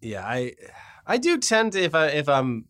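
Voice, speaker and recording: Animated higher-voiced man co-host. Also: normal speed. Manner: lively, blunt, swears casually, reads news aloud. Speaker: podcast co-host. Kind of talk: casual chat.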